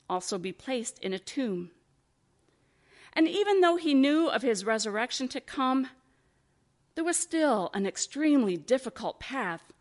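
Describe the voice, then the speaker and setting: A woman pastor giving a sermon, with slow, expressive preaching and rhetorical questions. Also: high-pitched.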